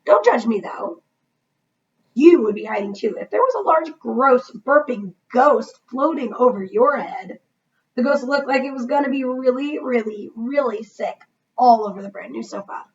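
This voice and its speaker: Woman teacher reading aloud to kids, expressive, fairly high voice, muffled and off-mic. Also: moderate pace. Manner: expressive, asking listeners questions. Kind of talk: children's read-aloud.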